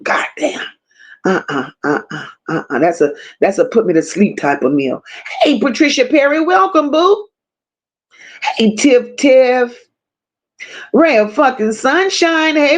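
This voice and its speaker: A woman hosting a livestream, casually greeting viewers by name and reading their comments, affectionate slang and frequent swearing. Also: fairly high pitch. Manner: reads chat names aloud, affectionate slang and swearing. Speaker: livestream host.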